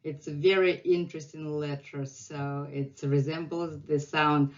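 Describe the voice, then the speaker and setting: Russian-accented woman drilling letter sounds slowly. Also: sits low, steady tone. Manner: patient, repeats each sound many times. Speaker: Russian language teacher. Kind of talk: alphabet lesson with repeated drills. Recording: slightly dull, muffled sound.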